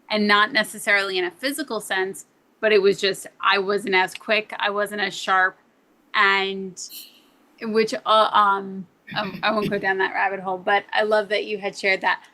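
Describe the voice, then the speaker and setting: Bright-voiced woman in casual chat. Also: mid-range voice, low-quality recording. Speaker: discussion participant.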